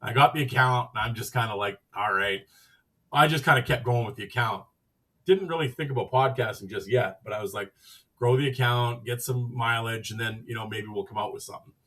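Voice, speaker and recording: Man, podcast host, husky voice, casual rambling storytelling, acts out dialogue, a bit far from the mic. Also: medium pitch, fairly quick, bright, forceful tone.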